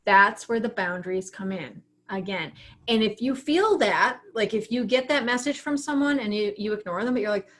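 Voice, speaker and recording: Over a casual livestream, a woman teaches a writing class in a chatty, frank manner, acting out her own inner thoughts as she goes. Her voice sits at an ordinary middle pitch, a bit bright, animated, and at a normal speed.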